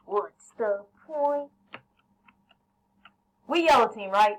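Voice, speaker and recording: A woman commentating her own gameplay, excitable, yelling at teammates and then apologizing. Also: mid-range voice, a little slow, pauses often, rough recording. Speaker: gaming channel host.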